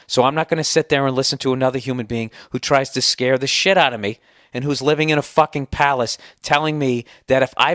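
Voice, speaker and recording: A man's voice: medium pitch, fairly bright tone, no room sound, clean studio sound. A middle-aged man with a Boston accent hosting a podcast, delivering a sarcastic, profane, heated rant. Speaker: podcast host. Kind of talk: ranting monologue.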